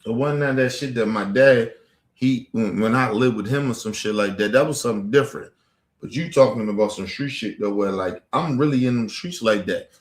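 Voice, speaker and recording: A man's voice: medium pitch, fairly quick. A man hosting a live stream, telling a personal story to his viewers in a blunt, profane, rambling way. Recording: echoey room.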